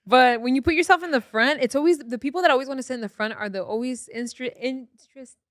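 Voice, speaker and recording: A woman's voice: sits high, brisk, fairly bright tone, no echo, studio quality. A woman co-hosting a casual podcast, a stand-up comedian who rambles and trips over her words with lots of fillers. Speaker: podcast co-host. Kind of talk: casual chat.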